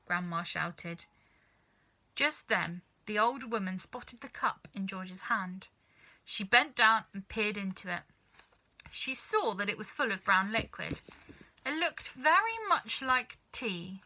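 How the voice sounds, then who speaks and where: Slow, bright-voiced woman reading a storybook. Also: medium pitch. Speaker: storybook reader. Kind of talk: reading a children's book aloud.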